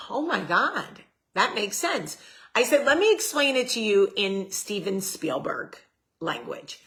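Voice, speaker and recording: A woman's voice: mid-range voice, sharp tone. A woman hosting a casual livestream, chatting straight to her viewers, answering their comments aloud and swearing casually. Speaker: host.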